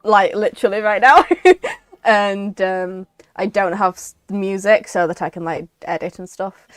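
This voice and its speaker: A young woman chatting casually while playing a game, rambling and breaking into excited exclamations. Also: mid-range voice, measured pace, dry recording. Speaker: streamer.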